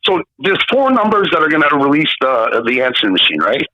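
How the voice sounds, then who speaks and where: Canadian guy around 50, cussing nonstop, high bright voice, dull lo-fi sound. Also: brisk, no room sound. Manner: swearing, animated, acts out the people in his story. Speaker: guest. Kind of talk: casual storytelling interview.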